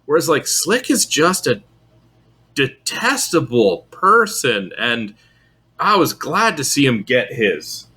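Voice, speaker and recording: Male podcast co-host, bright forceful voice, opinionated and animated in debate. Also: slow pace, slightly rough. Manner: opinionated, lively pitch swings, argues his points. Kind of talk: casual film review chat.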